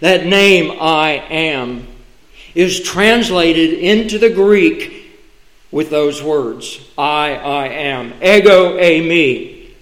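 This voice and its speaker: A man preaching a sermon from the pulpit in a slow, deliberate way, pausing for emphasis. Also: fairly high pitch, expressive, a bit bright, roomy sound, rough recording. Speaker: pastor. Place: church sanctuary.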